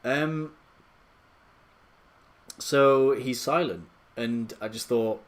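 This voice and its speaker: A man's voice: mid-range voice, extremely slow, long pauses. A man live streaming late at night from his home computer, rambling and self-deprecating, with lots of hesitant restarts. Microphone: desktop USB microphone.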